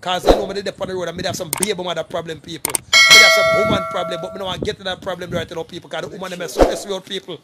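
A man's voice: high-pitched, fairly even intonation, very fast, hardly any pauses, heavy background noise. A middle-aged Jamaican man speaking casually to camera, making an emphatic, repetitive appeal and calling out to people again and again. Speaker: vlogger appealing for donations.

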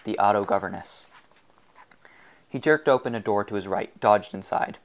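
Male audiobook reader, lowish voice, steady and measured. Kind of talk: scripted novel narration.

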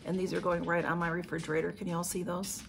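A woman's voice: fairly low pitch, level tone, quick pace, vocal fry, noisy background. A woman chatting casually to her camera as a vlogger, gushing with emotion and thanking over and over. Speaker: YouTube vlogger. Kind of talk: casual unboxing chat to camera.

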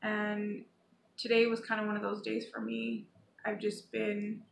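Earnest gravelly-voiced woman preaching. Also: medium pitch, big pitch swings, measured pace. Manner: earnest, pleading, reads scripture aloud. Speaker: Christian vlogger. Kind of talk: informal spoken devotional. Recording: echoey room with faint background noise.

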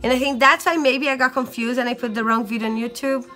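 A woman's voice: fairly high pitch, steady tone, quick pace, pushed and bright. A young woman, a stay-at-home mom, chatting casually to viewers in a home vlog while sick and tired. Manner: chatty, addresses viewers as guys. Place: home, indoors.

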